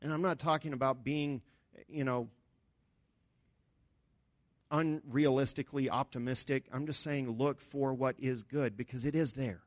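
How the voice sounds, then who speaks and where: A pastor preaching a sermon in an earnest, conversational way, with emphatic rises on key points. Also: male voice, mid-range voice, steady tone, measured pace, pauses often, no room sound.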